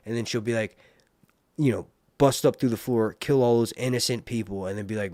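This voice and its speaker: A man's voice: medium pitch, no room sound, clean studio sound. A man hosting a casual live stream, rambling and joking while he reads viewer comments. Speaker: live stream host reviewing a TV series.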